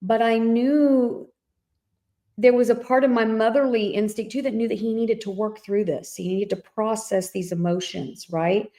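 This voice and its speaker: A middle-aged woman co-hosting a podcast, telling a family story in a casual, animated way and acting out the voices in it. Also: on the high side, moderate pace. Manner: animated storyteller, acts out quoted dialogue. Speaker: podcast co-host.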